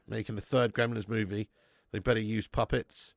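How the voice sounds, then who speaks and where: A man's voice: fairly low pitch, little pitch movement, normal speed, gravelly, no echo. A man hosting a live football watch-along, reading the chat and chatting with viewers in a casual, sweary way, calling everyone mate and laughing often.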